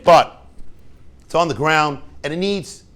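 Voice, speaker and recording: Man, rabbi, informal lesson, joking, asks the class questions, somewhat high voice. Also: slow, fairly bright tone. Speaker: rabbi teaching students.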